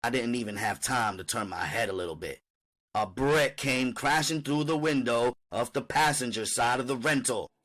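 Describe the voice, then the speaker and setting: A man's voice: mid-range voice, normal speed, a bit bright. A man reading an audiobook aloud in first-person narration.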